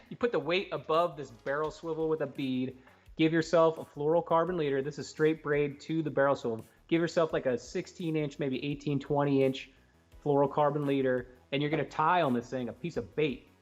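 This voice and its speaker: A man co-hosting a fishing talk show, explaining gear and rigs in a fast, excited, casual way and laughing often. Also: fairly high pitch, lo-fi sound, soft background music. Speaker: co-host giving fishing tips.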